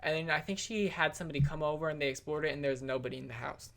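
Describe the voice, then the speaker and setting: Young woman vlogger, low voice but bright and sharp, chatty and slangy, says like and literally constantly. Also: fairly even intonation, very fast. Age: young adult. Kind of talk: casual storytelling vlog.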